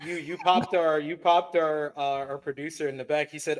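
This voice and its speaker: A man's voice: fairly high pitch, steady tone, moderate pace. Hyped man hosting a podcast. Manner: hyped, announcer-style intros. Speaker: podcast host.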